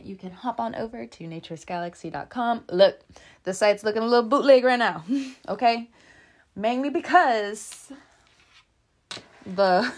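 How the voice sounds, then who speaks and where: A woman hosting a casual tarot reading from a room above her garage, chatty and rambling, laughing often between asides. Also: medium pitch. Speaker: tarot reader and channel host.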